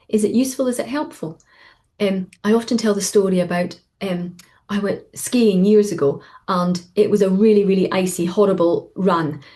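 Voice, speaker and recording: A middle-aged woman coach talking casually in an online session, acting out the voices in her stories. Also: mid-range voice. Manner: animated storytelling, acting out quoted voices. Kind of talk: casual webinar talk.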